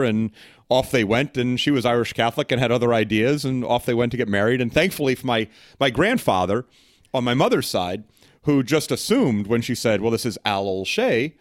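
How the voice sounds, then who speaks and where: A middle-aged man from New York who talks fast and tells joking stories. His voice is recorded dry and close, with no room sound. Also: mid-range voice, no echo. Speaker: podcast guest. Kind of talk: casual interview.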